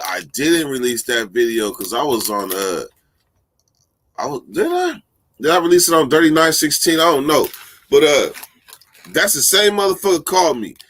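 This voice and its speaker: A man hosting a casual live stream, telling stories in a loose, profane, animated way and laughing often. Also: medium pitch.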